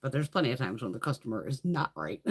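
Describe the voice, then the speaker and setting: A woman's voice: extremely low pitch, sing-song, fast, husky. A woman hosting a casual makeup livestream, telling stories bluntly with plenty of swearing and reading out viewer comments. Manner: profane, blunt storytelling, reads viewer comments. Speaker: livestream host.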